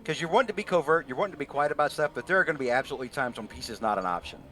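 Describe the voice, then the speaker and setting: A man's voice: on the high side, expressive, rapid-fire, a bit bright. A man running a tabletop game as game master, chatting casually and rambling with plenty of fillers and restarts.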